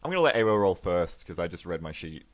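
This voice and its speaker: A man's voice: deep voice, very animated, fast. A man playing a tabletop game, describing his actions in a rambling, filler-heavy way. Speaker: player. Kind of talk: casual chat over a tabletop game.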